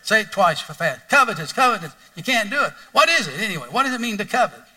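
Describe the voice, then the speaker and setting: A man preaching with a high, very bright voice that sounds set back from the microphone. He talks conversationally and animatedly, asking his listeners questions as he reads scripture and explains it. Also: sing-song, quick pace, distant mic, rough recording. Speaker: pastor. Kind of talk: sermon.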